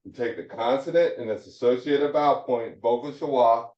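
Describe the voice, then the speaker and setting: A man teaching a Hebrew phonics lesson, slowly repeating and drilling each syllable. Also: medium pitch. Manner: slow, repetitive drilling of syllables. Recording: roomy, distant, dull lo-fi sound.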